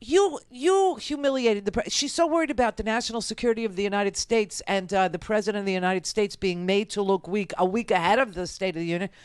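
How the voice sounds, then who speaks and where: A woman's voice: mid-range voice, quick pace, few pauses, clean tone, dry recording, studio quality. A woman hosting a political talk radio show, giving sarcastic, combative commentary.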